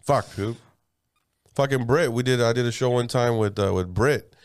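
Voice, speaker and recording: A young adult male stand-up comedian telling a profane, animated story in casual podcast chat, acting out other people's voices. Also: mid-range voice, normal speed, clean tone.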